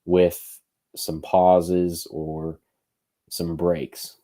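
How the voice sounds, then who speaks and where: Man, very low pitch, mellow tone, relaxed podcast co-host who thinks out loud. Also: extremely slow. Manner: thinks aloud, loose and conversational. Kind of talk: casual podcast chat.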